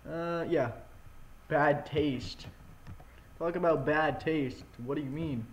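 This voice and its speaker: Eating and chatting as he plays, a gaming channel host gives casual commentary indoors at home, his mouth pressed up to the microphone. He speaks slowly in a voice on the high side.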